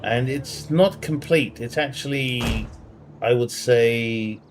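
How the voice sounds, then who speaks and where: A man streams a strategy game from his bedroom. He talks slowly and rambles, reads viewer questions aloud, and laughs at his own jokes. Game music plays faintly underneath. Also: mid-range voice. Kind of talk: casual livestream commentary. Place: home bedroom.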